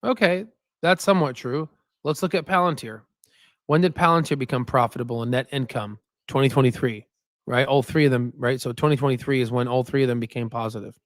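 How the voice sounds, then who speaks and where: Brisk and fairly even in intonation, this man's medium-pitched voice comes through clean studio sound without room sound. As a stock market channel host on a livestream, he rambles about viewer comments in a casual way, repeatedly tagging his points with "right?"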